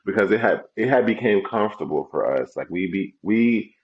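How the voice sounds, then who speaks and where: A young man co-hosts a casual podcast in a very deep voice. He talks in a loose, laid-back way and swears freely. The recording is a little dull and muffled. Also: lively intonation, normal speed, roomy sound. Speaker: podcast co-host. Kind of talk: casual chat.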